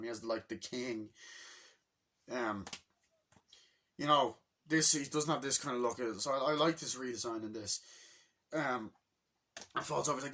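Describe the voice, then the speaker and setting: A young man excitedly recapping a movie in a rambling, casual way, swearing often and bursting into acted-out lines from the scenes. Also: medium pitch, brisk. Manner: rambling, swears a lot, acts out scenes with shouted voices. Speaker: movie reviewer.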